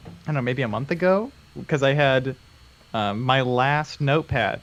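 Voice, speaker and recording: A man's voice: mid-range voice, expressive, moderate pace, highs cut off. A man co-hosting a hobby livestream in casual chat, laid-back and jokey, laughing a lot. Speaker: livestream co-host.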